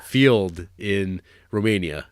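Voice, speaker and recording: A young podcast co-host chats casually, rambling with plenty of fillers and restarts. His deep voice is animated yet slow and smooth, recorded with no room sound.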